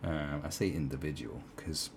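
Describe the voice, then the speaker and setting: A man speaks in a very low, steady voice at a moderate pace, rambling through sarcastic opinion commentary and doubling back with fillers and asides. A faint hiss sits beneath the recording.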